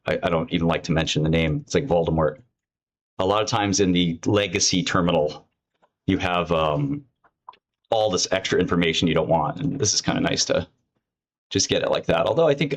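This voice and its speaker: Profane, mocking man with lively pitch. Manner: profane, mocking, excitable rants. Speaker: host. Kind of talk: casual screen-share commentary.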